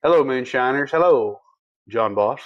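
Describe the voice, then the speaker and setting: A man's voice: medium pitch, lively intonation, moderate pace, dry recording, lo-fi sound. Laid-back man, dry close sound. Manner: laid-back, folksy, laughs easily. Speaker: livestream co-host. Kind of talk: casual livestream chat reading viewer comments.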